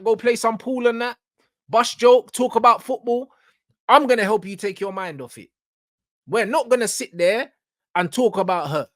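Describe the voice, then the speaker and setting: A man's voice: high voice, a bit bright, no echo, studio quality. A man with a London accent hosting a reaction show, ranting emphatically in street slang and checking in with his listeners again and again. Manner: emphatic, street slang, keeps asking "you get me".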